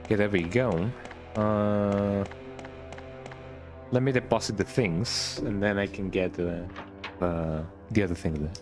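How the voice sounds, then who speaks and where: A man's voice: lowish voice, measured pace, long pauses, music in the background. A young man, casually commenting as he plays a game and rambling on with "eh?" tags. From Mexico. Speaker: gaming streamer.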